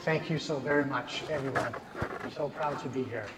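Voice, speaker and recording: A man with a medium-pitched voice and fairly even intonation speaks briskly while handing out awards at a gala. His speech is emotional and sincere, at times choked up. The large banquet hall echoes with long reverb, with music and the crowd behind him.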